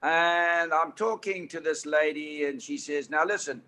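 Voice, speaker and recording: A man in his eighties with a South African accent, telling anecdotes as an interview guest in a lively, animated way. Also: fairly high pitch, a little slow, clean tone. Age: 80s. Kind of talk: storytelling interview. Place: indoor studio couch.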